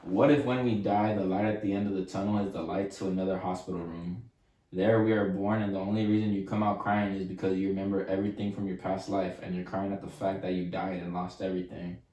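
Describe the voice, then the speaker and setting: A man's voice: sits low, little pitch movement, fast talker, warm tone, echoey room, poor audio. A man reading a social media post aloud during a casual podcast chat.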